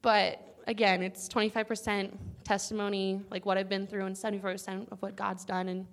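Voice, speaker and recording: Young woman, earnest chatty testimony, sometimes near tears, mid-pitched voice. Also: flat delivery, brisk. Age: young adult. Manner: earnest, casual, chatty with many likes and guys. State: close to tears at times. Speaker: student sharing a testimony. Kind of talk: personal testimony to a campus group.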